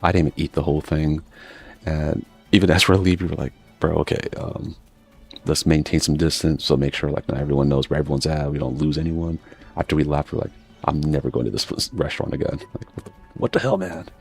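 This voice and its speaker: Man, very deep voice, gravelly, laid-back storytelling, casual swearing, gaming chat, faint music behind. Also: fairly even intonation, quick pace, a little mellow. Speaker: gaming streamer. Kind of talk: casual chat while playing a game.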